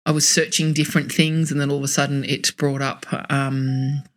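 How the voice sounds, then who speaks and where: A man's voice: mid-range voice, level tone, normal speed, fairly bright tone. A man co-hosting a podcast, telling bawdy stories with lots of swearing and laughter. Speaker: podcast co-host. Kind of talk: casual podcast chat.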